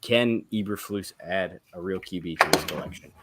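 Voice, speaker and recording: A man's voice: deep voice, moderate pace, pushed and bright. A man co-hosting a casual sports podcast, breaking down plays analytically and quizzing the others on stats. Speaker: podcast co-host.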